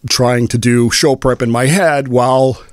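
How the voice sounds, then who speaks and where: A man's voice: mid-range voice, steady tone, measured pace, no room sound, clean studio sound. Amused rambling older man telling a story. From Washington State, US. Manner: rambling, amused, laughs often. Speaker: podcast host. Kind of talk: storytelling monologue.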